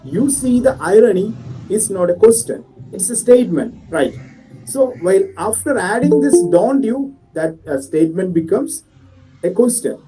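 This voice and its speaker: A man's voice: high voice, animated, moderate pace, distant mic, over music, low-quality recording. A male college English teacher with a Malayali English accent, patiently explaining grammar to a class and checking that students follow.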